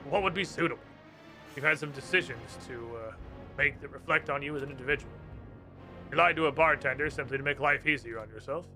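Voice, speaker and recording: Brief: man voicing a formal knight commander, quick and measured, bright tone, game music underneath. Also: medium pitch, voice pushed down. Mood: judging. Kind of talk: reading game dialogue aloud.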